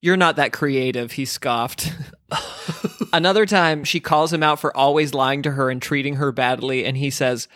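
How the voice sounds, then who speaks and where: A man co-hosting a comedic book podcast, sarcastic and quick to laugh. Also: mid-range voice, a bit bright, no echo, clean studio sound. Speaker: podcast co-host.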